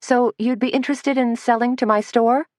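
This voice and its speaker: A woman's voice: medium pitch, animated, normal speed, dry recording, clean studio sound, pitched above the performer's own voice, lightly acted. A woman doing a kind, firm shop owner. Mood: earnest. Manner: warm, soothing, then firm.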